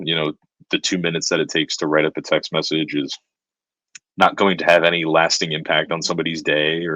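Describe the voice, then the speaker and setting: Very deep-voiced young man, dry sound. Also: a bit bright, dry recording. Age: young adult. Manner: reflective, earnest encouragement. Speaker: co-host. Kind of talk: casual chat.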